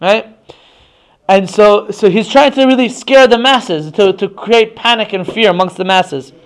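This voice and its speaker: A man's voice: sits high, a little slow, smooth. A man teaching a religious text class in a conversational way, often restarting and checking in with his listeners.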